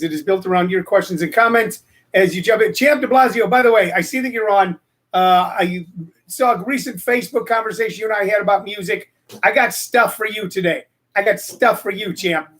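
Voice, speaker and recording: A man's voice: sits high, a bit bright. A man hosting a live-streamed comedy talk show, playful and showy, rambling with lots of fillers. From Missouri, US. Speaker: host.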